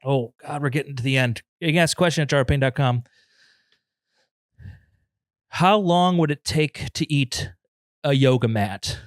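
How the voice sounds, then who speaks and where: Man, comedy podcast host, rambling, self-deprecating, medium pitch, dry close sound, recorded at home. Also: moderate pace, pauses often, dry recording. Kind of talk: improvised comedy podcast monologue. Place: alone in his apartment.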